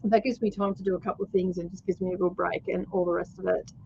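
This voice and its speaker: A woman's voice: lowish voice, flat delivery, fast talker, gravelly, a little mellow, lo-fi sound, a little hiss or hum. A woman with an Australian accent hosting a casual livestream, rambling through stories with lots of fillers and laughter. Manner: chatty storyteller, laughs often, many fillers. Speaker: host.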